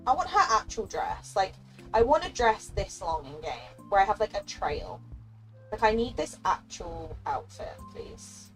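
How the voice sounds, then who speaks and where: A woman's voice: mid-range voice, animated, measured pace, faint music behind. A young woman streaming a game, chatting casually and emotionally with her viewers, giggling and thanking them often. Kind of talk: casual live-stream chat.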